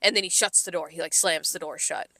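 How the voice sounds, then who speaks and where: A woman with a low-pitched voice speaks quickly in a clean studio recording with no room sound. Co-hosting a podcast, she tells an animated work story in casual chat, swearing often.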